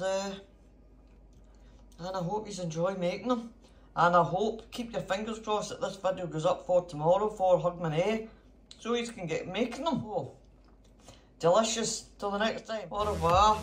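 A man's voice: high voice, normal speed, pauses often, soft background music. A man chatting casually in his home kitchen as a cooking vlogger, theatrical and full of cheery exclamations.

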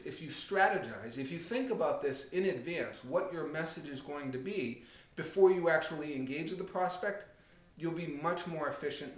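A man giving a direct, conversational real estate coaching talk, acting out anecdotes with lively energy. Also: a little high, echoey room.

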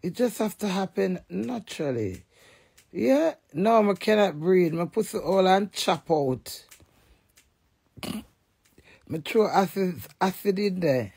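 A middle-aged woman in a blunt, profane, animated casual rant to the camera. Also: on the low side, takes it slowly, vocal fry, long pauses, slightly rough.

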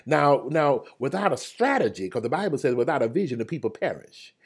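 A man preaching a livestreamed Bible study. He repeats his phrases and calls out to his viewers by name, and his voice swings from loud cries to hushed murmurs. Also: mid-range voice, big pitch swings, a little fast, slightly rough. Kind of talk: livestreamed sermon.

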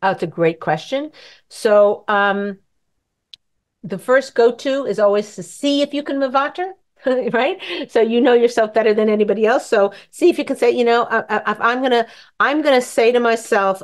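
A woman's voice: on the high side, moderate pace. Chatty woman giving advice. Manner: chatty, rambling, acts out dialogue. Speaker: host answering questions. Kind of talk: casual advice talk.

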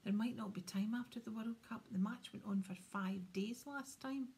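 A woman's voice: on the high side, normal speed, a little mellow, slightly rough. Woman whispering as a fussy motherly witch. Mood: bossy. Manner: scolding, fussing. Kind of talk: whispered role-play.

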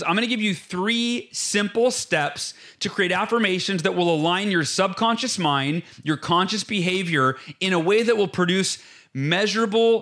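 A man with a notably high voice talks as a guest in an interview, energetic and emphatic. He walks through ideas in clear numbered steps, pressing each point home like a motivational speaker. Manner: emphatic, acts out inner voices.

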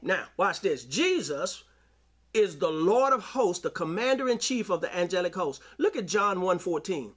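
Male preacher, high voice, AAVE, sermon delivery with call-outs. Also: very animated, normal speed, husky. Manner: preaching with call-outs and scripture reading, rising to shouts. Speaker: pastor.

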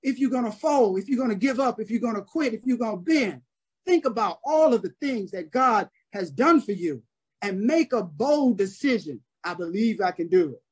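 A man's voice: very high-pitched, animated, normal speed, husky. A man preaching a sermon on a prayer call, telling a story and repeating phrases for emphasis.

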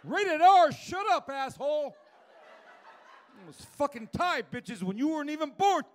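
A man putting on a cranky, squeaky older heckler. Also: very animated, a little slow, heavily acted. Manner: gruff, profane, snappish.

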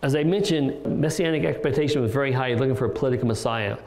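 A man's voice: mid-range voice, fast, darkish tone, roomy sound. A male pastor preaching an expository sermon in a conversational way, with restarts and rhetorical questions. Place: church sanctuary.

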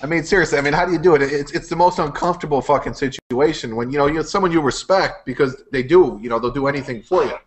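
A man's voice: a little high, quick pace, few pauses. A man co-hosting a casual podcast, blunt and profane, sounding exasperated. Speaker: podcast co-host.

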